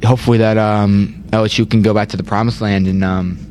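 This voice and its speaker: A man's voice: fairly low pitch, little pitch movement, a little fast, background noise. A young man hosting a casual sports chat, rambling, repeating words and saying "like" a lot. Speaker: podcast host.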